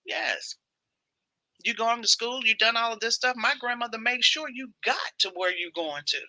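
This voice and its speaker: A woman's voice: fairly high pitch, sharp tone, no echo, rough recording. A woman hosting a casual devotional livestream, chatty and repeating phrases for emphasis.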